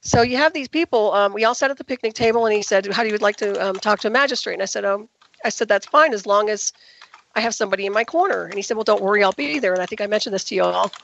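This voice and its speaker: A woman guest telling her story in an interview, talking rapidly and emphatically. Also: mid-range voice, gravelly, a bit bright, dull audio, a little hiss or hum. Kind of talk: radio interview call.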